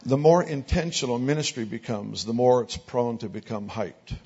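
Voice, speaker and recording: A man preaching as a pastor, telling anecdotal stories in a sermon and growing louder and more excited as they build. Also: medium pitch, moderate pace, breathy edge. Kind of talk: sermon storytelling. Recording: dull lo-fi recording.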